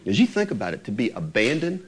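Lively-pitched man preaching a sermon. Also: husky. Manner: earnest, rises and falls in pitch for emphasis, slows to quote scripture.

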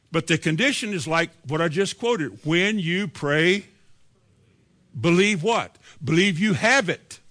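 Brief: male pastor, fairly high voice, sermon delivery, rhetorical questions, voices doubters' replies. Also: bright, forceful tone.

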